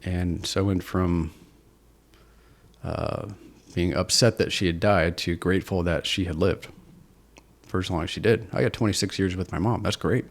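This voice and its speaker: A man's voice: sits low, steady tone, moderate pace, vocal fry, long pauses. A man from Seattle, a podcast guest, candidly telling his personal story in an earnest, self-deprecating, reflective way. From Seattle, USA.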